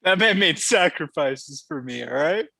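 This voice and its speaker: A young man co-hosting a podcast in a relaxed, joking, drawling way. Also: a little high, moderate pace, vocal fry. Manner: laid-back, joking, drawling. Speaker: podcast co-host. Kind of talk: casual chat.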